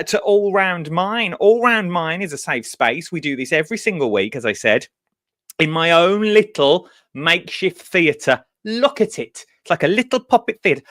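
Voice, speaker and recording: A man hosts a casual live show from a makeshift studio at home, chatting and joking as he greets viewers by name. His voice sits fairly high and moves around a lot in pitch. The sound is dry and close. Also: a bit bright, no echo. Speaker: host. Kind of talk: casual live-stream chat.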